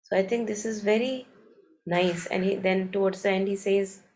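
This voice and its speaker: A woman leading a morning meditation, reading passages aloud and reflecting on them in a calm, unhurried, thoughtful way. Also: mid-range voice, rough recording. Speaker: meditation session leader.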